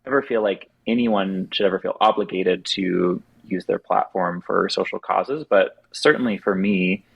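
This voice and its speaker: A very deep, gravelly man's voice with a light Southern American accent, earnest and thoughtful as a podcast guest. The sound is dry and a little dull, like lo-fi call audio. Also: moderate pace, no echo. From southern United States. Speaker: podcast guest, drag performer. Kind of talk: casual podcast chat.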